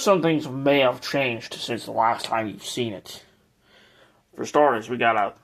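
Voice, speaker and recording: Slow, hesitant man. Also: mid-range voice, a bit bright. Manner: hesitant and rambling, with many restarts. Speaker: ceiling fan collector and channel host. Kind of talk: casual collection tour video.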